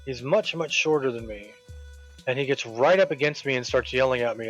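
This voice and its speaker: A man casually telling a workplace story while streaming a game, quoting people with animated voices. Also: medium pitch, brisk. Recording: dull lo-fi with game music.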